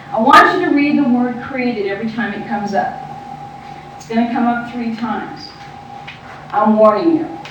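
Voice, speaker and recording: A woman teacher leading a group reading, brisk and directive, prompting the room. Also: high voice. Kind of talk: classroom teaching. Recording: echoey room from far off, faint noise.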